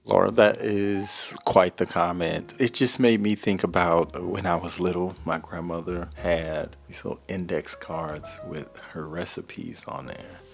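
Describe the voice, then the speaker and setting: A man with a very low, gravelly voice hosts his book channel from home. He chats in an easy, relaxed way as he reads out viewer comments and sometimes drops to a soft, quiet tone. Faint music plays under his voice. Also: measured pace, few pauses. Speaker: booktube host. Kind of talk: casual chat reading viewer comments.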